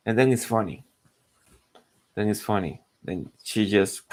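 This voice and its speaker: A man's voice: fairly low pitch, very animated, measured pace, vocal fry. A man chatting casually while drawing, rambling and searching for words. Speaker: artist narrating his drawing.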